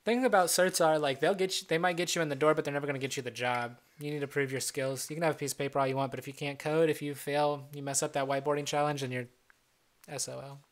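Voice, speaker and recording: A man's voice: on the high side, fairly even intonation, quick pace. A young adult man from Ohio with a Midwestern accent and a slight Southern twang, hosting a casual live stream chat and answering viewers' questions in a joking, loose way. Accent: Midwestern American with a slight Southern twang. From Ohio, USA. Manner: joking, loose, playful teasing. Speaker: livestream host.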